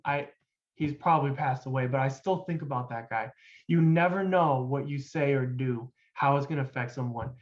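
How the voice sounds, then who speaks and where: Brief: young adult male guest, casual halting storyteller, middle pitch, dull lo-fi recording. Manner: loose and halting, with many fillers. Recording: dull lo-fi sound.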